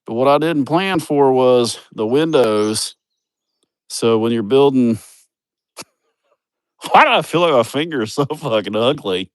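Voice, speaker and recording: A man's voice: mid-range voice, expressive, a little slow, pauses often, dry recording. A man chatting on a casual livestream outdoors, rambling, swearing and laughing at his own stories. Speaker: vlogger showing a building project. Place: outdoors at a building site.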